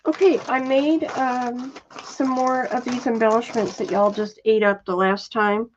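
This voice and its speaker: A soft-spoken woman chats her way through a live sale, pausing on fillers as she reads out viewer comments. She talks slowly, in a slightly high voice. The audio is dull and lo-fi, like a home livestream. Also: steady tone, a little hiss or hum. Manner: chatty, warm-hearted, reads viewer comments aloud. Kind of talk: casual live selling chat.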